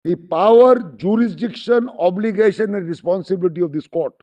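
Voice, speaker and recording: A man's voice: high-pitched, fairly quick. A man with an Indian accent argues formally before judges, deferential and emphatic, constantly addressing the bench. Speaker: lawyer arguing before a bench. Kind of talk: formal courtroom argument. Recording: dull lo-fi courtroom recording.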